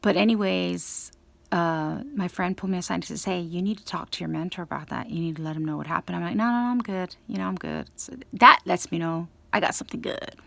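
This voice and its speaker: A woman with a gravelly, creaky voice tells a long personal story in a loose, rambling way. She acts out the lines of the people she quotes and keeps restarting and trailing off into asides. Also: fairly low pitch, fast, no room sound. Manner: rambling, animated retelling with quoted dialogue. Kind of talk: casual storytelling monologue.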